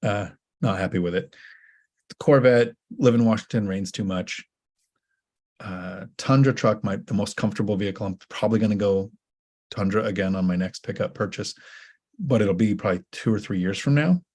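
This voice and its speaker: A man hosting a casual livestream Q&A, talking in a rambling way with halting restarts. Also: fairly low pitch, darkish tone. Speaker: host.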